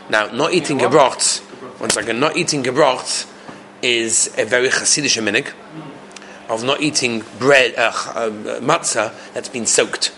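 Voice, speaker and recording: A man's voice: medium pitch, fairly bright tone, a little hiss or hum. A man giving a storytelling Torah class, acting out the voices of the people in his stories and asking his listeners frequent rhetorical questions. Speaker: rabbi teaching a class.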